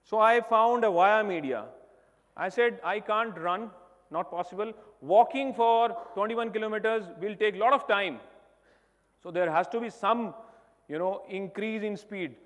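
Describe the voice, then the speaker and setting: A man from India with an Indian accent, giving a motivational stage talk, telling his story emphatically, swinging between loud passages and soft ones. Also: high voice, a little slow. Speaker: keynote speaker. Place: large hall on stage. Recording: long reverb of a large hall.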